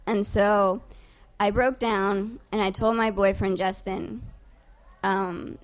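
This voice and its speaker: On stage before a live audience, a young adult woman tells a personal story in a casual, profane, self-mocking way. Her voice is mid-range and steady, and she speaks slowly.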